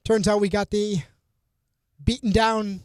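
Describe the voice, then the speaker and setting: A man's voice: high voice, level tone, unhurried, clear, resonant tone, dry recording. A male radio show producer chiming in with dry, needling remarks in studio banter. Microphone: studio mic.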